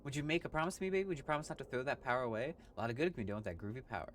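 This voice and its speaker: A man voicing a laid-back talking cat who speaks in quick, smooth hipster slang. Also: mid-range voice, slight background noise, voice pushed up, close to an everyday voice.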